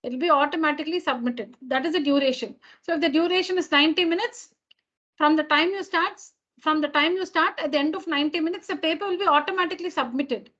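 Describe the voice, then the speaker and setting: A woman with a high voice teaches an online class over a dull, lo-fi call line. She speaks patiently and keeps restating her points so that everyone follows. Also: fast talker, fairly bright tone. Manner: patient, repeats and rephrases points. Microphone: computer mic on a video call.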